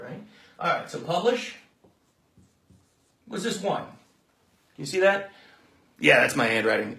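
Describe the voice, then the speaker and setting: A man gives a loose, playful lesson on book marketing, rambling and happily inventing words. His voice is bright and forceful. The room around him rings with noticeable echo. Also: fairly high pitch, sing-song, normal speed, pauses often. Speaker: author marketing coach. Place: room with a whiteboard.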